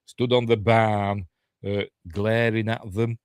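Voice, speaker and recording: A man's voice: fairly low pitch, level tone, slow pace, clear, resonant tone, no echo, studio quality. A man with a Yorkshire accent giving a casual, rambling watch-along film commentary, thinking aloud and correcting himself as he goes. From Yorkshire, England. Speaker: film reviewer.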